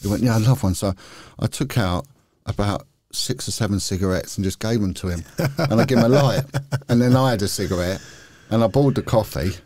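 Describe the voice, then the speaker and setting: Brisk and a little mellow, the lowish voice belongs to a middle-aged former detective telling candid, rambling stories as a podcast guest. He's chatty in this casual storytelling, restarting frequently. The recording is dry and studio quality.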